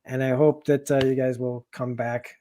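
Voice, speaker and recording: A man hosts a livestream chat in a loose, rambling way. He pokes fun at himself as he goes, and his voice sits at an ordinary middle pitch. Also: moderate pace. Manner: relaxed, rambling and self-deprecating. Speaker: livestream host. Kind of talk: casual chat.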